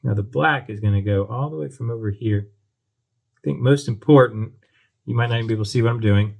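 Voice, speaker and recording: The audio has its highs cut off as a man with a creaky, medium-pitched voice talks fast through a model kit build. He's at his workbench at home, giving casual tutorial talk, thinking aloud with frequent ums and restarts.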